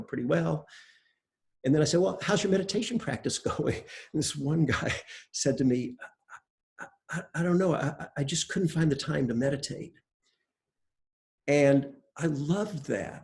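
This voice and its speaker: Gravelly older meditation teacher. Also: male voice, mid-range voice. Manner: relaxed, conversational, self-deprecating storytelling with hesitations. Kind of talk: dharma talk.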